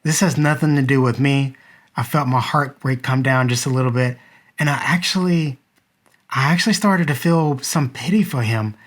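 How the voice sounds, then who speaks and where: Man, 30s, earnest, reflective, addressing the viewer, mid pitch. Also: moderate pace. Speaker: vlogger and father. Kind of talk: personal storytelling to camera.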